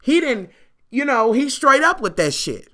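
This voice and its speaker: A woman's voice: high voice, sing-song, measured pace, pushed and bright. Sassy, profane woman ranting. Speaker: vlogger reacting to a reality show. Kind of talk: casual rant.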